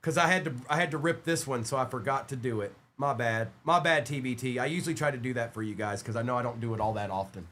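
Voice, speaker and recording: A man's voice: mid-range voice, quick pace, few pauses, a bit bright. A man hosting a live-stream trading card break, chatting upbeat and casual while rattling off player names as he opens packs.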